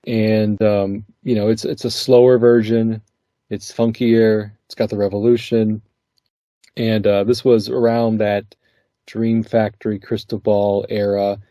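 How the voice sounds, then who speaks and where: A male podcast host with a low, mellow voice, laughing easily and talking in a loose, conversational way. The sound is close and dry, with no room around it. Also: unhurried, no room sound. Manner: laughs often, relaxed conversational delivery. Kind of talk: casual podcast chat.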